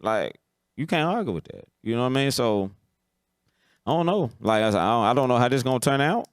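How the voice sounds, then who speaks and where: A man's voice: medium pitch, expressive, fairly quick, smooth. A man hosts a casual football talk stream, blunt and opinionated. His voice sits mid-range. The recording is dry, with no room echo. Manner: blunt, opinionated, keeps asking "you understand?". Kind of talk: casual sports commentary.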